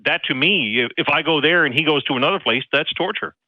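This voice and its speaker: A man with a Newfoundland accent calling in to a show, speaking haltingly with many restarts and repeated words. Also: a little high, no echo. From Newfoundland and Labrador. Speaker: caller. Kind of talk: casual phone-in chat. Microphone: phone or computer call. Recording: dull, muffled line.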